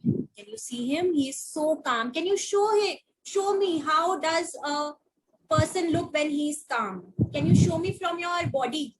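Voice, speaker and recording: A woman teacher reading a picture book to young children over a video call, asking them slow, coaxing questions. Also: high voice, a little hiss or hum, rough recording.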